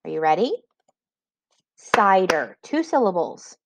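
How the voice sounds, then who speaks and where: A woman teacher giving a spelling lesson, dictating words slowly and patiently with clear enunciation. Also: medium pitch, expressive, slight background noise, poor audio.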